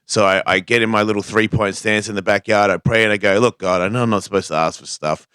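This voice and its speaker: A man's voice: on the low side, steady tone, fast, fairly bright tone, clear, resonant tone, no echo, clean studio sound. A man telling a personal story on a talk show, acting out the voices he quotes. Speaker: guest skateboarder. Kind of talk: casual storytelling.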